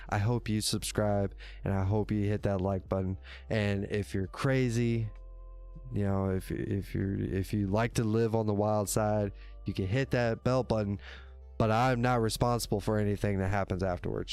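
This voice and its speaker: His voice is fairly low, darkish, and clean as he hosts his own livestream on a desk microphone. The talk is loose and solo, full of rambling, self-corrections, cursing, and frequent laughter aimed at his viewers.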